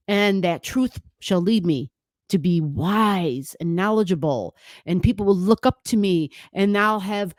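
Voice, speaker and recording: Woman, astrologer, casual rambling chat, low voice, dry close sound. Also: a little slow, darkish tone, no room sound. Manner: rambling, repeats phrases, laughs often. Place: room at home. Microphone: desk microphone.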